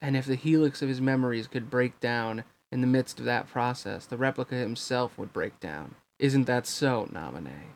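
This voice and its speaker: A calculating scientist villain in a storybook reading, measured and clinical, voiced a little lower and quieter than the reader's usual tone, as a man reads him. He lays out each point with cool precision. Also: slight background noise, lightly acted. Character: cold, calculating older male scientist villain.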